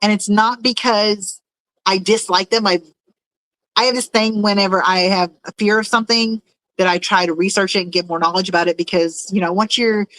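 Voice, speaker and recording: A woman talking casually on a livestream from her home, wandering from one thought to the next and laughing often. Her voice sits at an ordinary middle pitch. The sound is dry and close, with no room echo. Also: a bit bright. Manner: rambling and chatty, with frequent fillers and laughs. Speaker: livestream host reading chat. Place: at home in a room with fish tanks.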